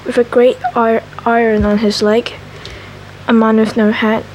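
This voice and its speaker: Woman ASMR reader, raspy scraggly voice, very slow, somewhat high, self-correcting. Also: flat delivery, a little mellow, a little hiss or hum, poor audio. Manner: slow, careful reading with frequent self-corrections. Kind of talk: soft ASMR book reading.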